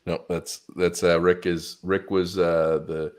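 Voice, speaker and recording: A male podcast host with a very low, deep voice runs a casual interview. He talks quickly and often answers with short replies while the guest speaks. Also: flat delivery, darkish tone. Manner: quick, with frequent short back-channel replies.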